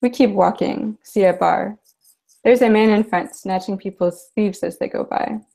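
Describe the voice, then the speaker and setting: A woman translator reading her translated fiction aloud in an even, measured way. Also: mid-range voice, creaky. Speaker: literary translator. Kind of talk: literary reading.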